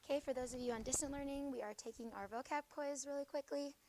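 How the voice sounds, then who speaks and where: A young woman teaching a school class, reviewing vocabulary briskly and checking in with "okay?" after nearly every point. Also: high voice, steady tone, a little mellow, a little hiss or hum. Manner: brisk, peppers talk with "okay?".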